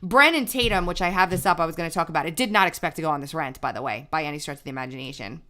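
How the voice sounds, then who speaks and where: A woman's voice: low voice, racing, bright, forceful tone. A woman hosting a news commentary livestream, talking emphatically in a ranting way with frequent restarts. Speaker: political commentary host.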